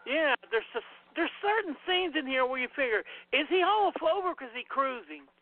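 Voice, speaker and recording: A man co-hosting a casual movie commentary, blunt and profane, talking in quick bursts with restarts. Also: very high voice, very animated. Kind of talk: casual chat over a movie. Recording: tinny phone-like sound, dry.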